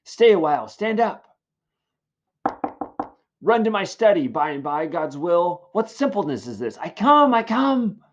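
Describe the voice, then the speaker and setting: A man's voice: high voice, very animated, unhurried, pauses often, pitched above the performer's own voice. A stern old friar scolds in earnest, declamatory verse, read by a man in a slightly raised voice. The recording sounds a little muffled. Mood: urgent. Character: stern, moralizing older male friar.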